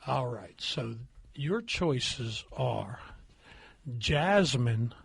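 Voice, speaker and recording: A man's voice: medium pitch, sing-song, extremely slow, creaky, husky, no room sound. A man hosting a podcast, telling a crude story with plenty of laughter in casual chat. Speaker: podcast host.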